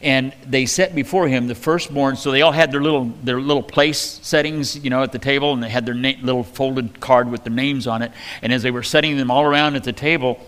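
A man's voice: medium pitch, brisk, hardly any pauses. Man, pastor, conversational Bible teaching, joking asides, mid-range voice. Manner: relaxed and chatty, with joking asides.

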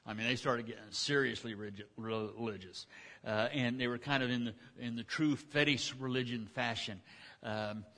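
A pastor preaching a sermon, retelling a scripture story in a folksy, conversational way with frequent restarts. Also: male voice, mid-range voice, steady tone, moderate pace, sharp tone.

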